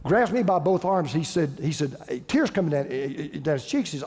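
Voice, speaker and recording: A man's voice: fairly high pitch, animated, quick pace, hardly any pauses, darkish tone. A middle-aged man preaching a sermon, emphatic and conversational, telling a story with repeated phrases. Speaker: pastor. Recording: long reverb of a large auditorium.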